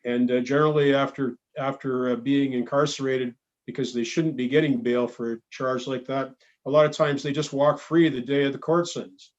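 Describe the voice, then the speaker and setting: A Canadian man speaking as a city councillor at a council meeting, halting and blunt, with many fillers and restarts. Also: mid-range voice, fairly even intonation. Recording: dull lo-fi meeting audio.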